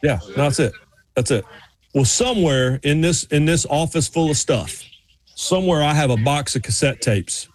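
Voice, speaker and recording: A man's voice: fairly high pitch, animated, moderate pace. Joking Southern man on sports radio. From North Carolina. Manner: rambling, joking, many restarts. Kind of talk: casual chat.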